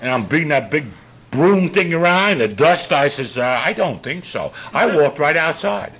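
An older man, telling profane stories to a laughing recovery-meeting audience in a gruff voice. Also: expressive, normal speed. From New York. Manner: gruff and profane, with big swings in pitch and loudness. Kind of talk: storytelling talk to a live audience.

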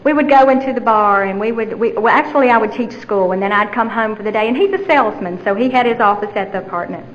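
A middle-aged woman telling her own recovery story candidly, with steady repetition in her phrasing. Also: fairly high pitch, fast, few pauses, highs cut off, slight background noise. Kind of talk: personal testimony.

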